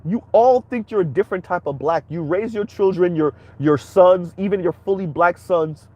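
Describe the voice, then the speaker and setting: A man's voice: high voice, moderate pace, dry recording, highs cut off. A man hosting a commentary stream, reacting bluntly and heatedly while speaking straight to his viewers. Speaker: commentary channel host.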